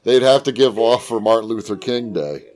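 A man's voice: mid-range voice, moderate pace, a little mellow. A man hosting a casual talk show, joking and laughing at his own jokes. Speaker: host.

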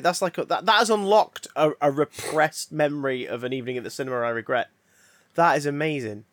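A man co-hosting a podcast, chatting casually with jokes, quick asides and bursts of laughter. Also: fairly high pitch, fairly bright tone, no room sound. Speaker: podcast co-host. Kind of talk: casual chat.

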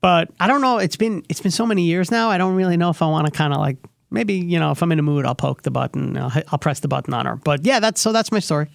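A man's voice: a little high, fast talker, vocal fry, few pauses, no room sound, studio quality. A man hosting a radio show, telling a personal story in a rambling, hesitant way full of restarts. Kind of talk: casual storytelling chat.

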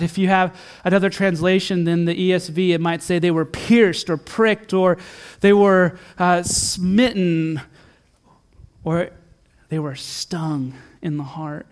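A middle-aged man preaching a sermon in church, earnest, rising to emphatic peaks and then dropping soft and low. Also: steady tone, measured pace. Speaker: pastor.

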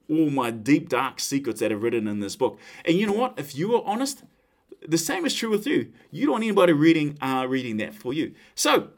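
A man preaching a sermon, animated and emphatic, putting questions to his listeners. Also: high voice. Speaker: pastor.

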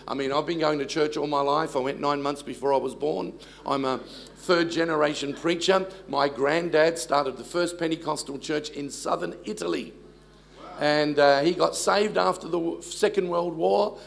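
A man's voice: on the high side, vocal fry. A man, preaching a sermon and telling stories with self-deprecating humor. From Australia. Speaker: pastor.

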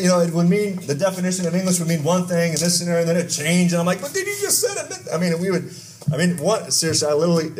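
A pastor from Texas, preaching a conversational sermon with asides, stories and questions to the congregation. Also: male voice, fairly high pitch, a little hiss or hum.

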